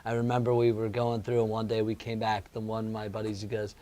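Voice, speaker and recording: A man's voice: fairly low pitch, monotone, fast, warm tone, a little hiss or hum. Rambling young man, casual podcast talk. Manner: rambling, many fillers and restarts, laughs easily. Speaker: podcast co-host.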